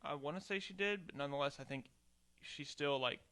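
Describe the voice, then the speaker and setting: A man's voice: a little high, a little fast, sharp tone, a little hiss or hum. A man hosting a podcast from a home garage studio, talking in a loose, rambling way and swearing casually. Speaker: podcast host. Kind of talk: casual chat.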